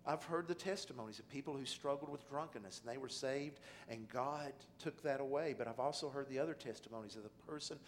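A middle-aged man preaching a sermon, telling a personal story that drops quiet and low, then rises to loud, emphatic pleading. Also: fast talker, few pauses, a little hiss or hum. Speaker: pastor.

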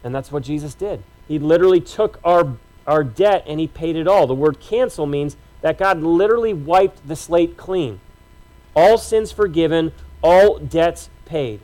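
Man, pastor, high pitch, sermon, conversational, emphatic, repetitive phrasing. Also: lively intonation, unhurried, darkish tone, rough recording.

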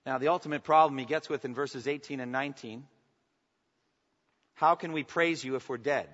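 A man's voice: mid-range voice, moderate pace. Preaching man in a reverberant hall. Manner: preaching with rising emphasis, then dropping to soft, intimate lines; asks the congregation for response. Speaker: pastor. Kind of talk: sermon. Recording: long reverb, dull lo-fi sound.

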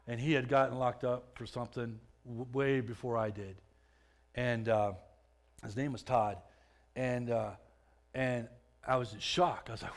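A man giving a personal testimony in a conversational way, often restarting his words and growing louder as the story builds. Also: mid-range voice. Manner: conversational, repeats and restarts words, swells louder when excited.

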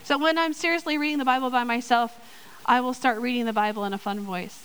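A woman giving a sermon and reading a Bible story aloud, lively and playful with joking asides. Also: a little high, fast, slight background noise, poor audio. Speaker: church speaker in children's ministry.

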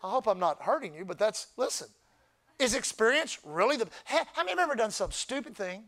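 A man with a very high voice preaches to his church, moving between quiet talk and loud shouting. He calls out for the crowd to repeat words after him. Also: sing-song, brisk. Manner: preaching, often rising to shouts with crowd call-and-response. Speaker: pastor. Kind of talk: sermon. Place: church service.

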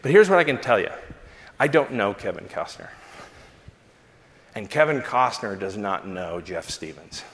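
A man preaching a sermon and telling a personal story with animated, self-mocking delivery. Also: moderate pace, long pauses. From Southern California. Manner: lively storyteller, big pitch swings, self-mocking. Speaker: pastor. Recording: long hall reverb.

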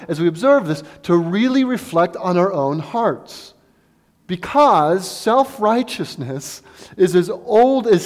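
Earnest man preaching in a reverberant hall. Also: on the high side. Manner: earnest, repeats phrases for emphasis. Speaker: pastor. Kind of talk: sermon.

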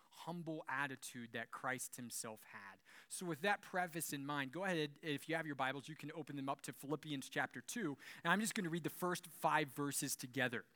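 A young man preaching a sermon as a pastor, telling stories in an animated way, swinging from soft to loud and chuckling now and then. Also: a little high. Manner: animated storytelling with big swings in loudness and occasional chuckles.

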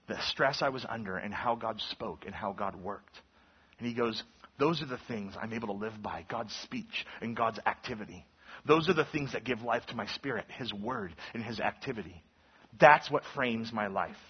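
A man's voice: medium pitch, husky, muffled recording. A man preaching an earnest sermon, teaching through a passage with emphatic, rising intensity. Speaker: pastor.

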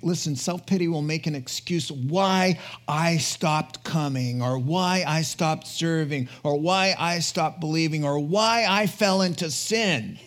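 A man's voice: a little high, unhurried, few pauses. A man preaching a conversational sermon in an earnest, chatty way, often checking in with his listeners. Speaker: pastor.

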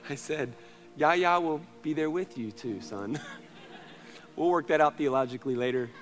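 A man in his thirties, a pastor, preaching a sermon in earnest storytelling style, moving between loud passages and hushed ones. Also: a little high, slow pace, long pauses, soft background music.

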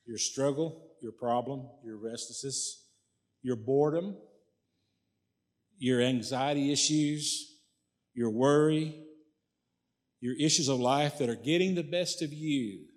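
A man's voice: medium pitch, slow pace, long pauses, a little mellow. Pastor, male, folksy conversational sermon delivery with lots of repetition.

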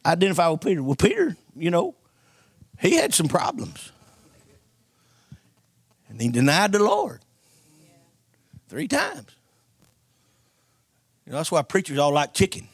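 A man preaching with a somewhat high voice, joking and telling a story with lively call-and-response to his congregation. The sound is dry and close, with little room around it. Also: unhurried, creaky, pauses often, slightly rough, no room sound. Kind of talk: sermon.

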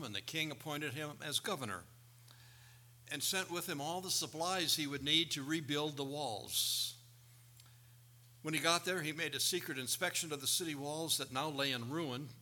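Bright-voiced male preacher telling stories. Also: a little high. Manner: animated storytelling with quoted voices. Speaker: pastor. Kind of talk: sermon.

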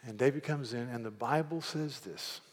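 A man's voice: mid-range voice, moderate pace. A man delivers a sermon in a large hall whose long reverb trails his words. He tells a story and slips into the voices of its characters as he goes. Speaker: pastor.

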